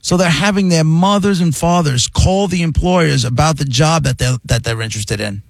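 Middle-aged male radio host, gravelly voice, animated banter. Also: on the high side, normal speed, no room sound. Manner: animated, reads headlines aloud and riffs. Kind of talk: casual radio talk.

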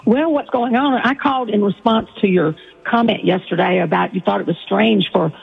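A woman's voice: mid-range voice, normal speed, vocal fry, husky. A woman from the American South with a Southern accent, calling in to a radio show, friendly and emphatic. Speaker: caller. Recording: tinny phone line.

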